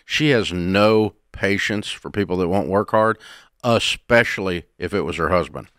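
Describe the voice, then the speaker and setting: A man's voice: low voice, normal speed, fairly bright tone, smooth, dry recording, studio quality. An older man hosting a call-in advice show, speaking in a blunt, folksy, plain-spoken way. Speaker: radio show host. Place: radio studio.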